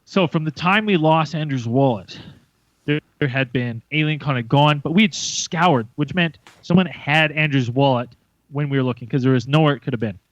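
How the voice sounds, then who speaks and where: A man's voice: fairly high pitch, normal speed, no room sound, highs cut off. A man co-hosting a podcast, telling a story casually, swearing freely and acting out what people said. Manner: swearing, animated retelling with acted quotes. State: hungover. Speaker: podcast co-host. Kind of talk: casual storytelling among friends.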